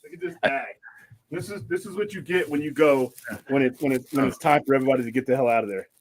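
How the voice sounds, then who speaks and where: A man's voice: mid-range voice, fast, slight background noise. A man from California hosting a live stream, chatting loosely and greeting viewers by name. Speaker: host of a live stream show. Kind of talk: casual live-stream chat.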